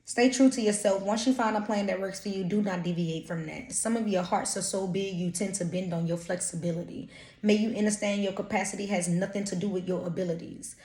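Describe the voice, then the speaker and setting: A woman's voice: medium pitch, steady tone, brisk, dark tone. Blunt woman, roomy echo. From Louisiana. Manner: blunt, profane, streetwise slang. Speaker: intuitive reader. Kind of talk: casual channeled energy reading.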